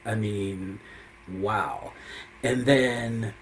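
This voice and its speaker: A man's voice: on the low side, steady tone, very slow, a little hiss or hum, rough recording. A man hosting a live show who recaps events in a casual, rambling way, full of "you know" and "I mean.".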